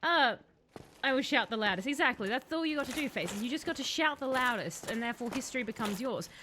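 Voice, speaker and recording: Brief: high-pitched woman game streamer, chatty and excitable, noisy mic. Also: fast. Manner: chatty, reads chat aloud, bursts into excited shouts. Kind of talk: casual live-stream gameplay chat.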